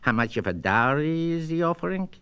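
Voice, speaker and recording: A man's voice: on the high side, big pitch swings, a little fast, fairly bright tone, clean tone. A man doing a wary subway stranger. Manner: wary, answers questions with questions. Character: guarded, matter-of-fact neighborhood man on a subway. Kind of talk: storybook reading.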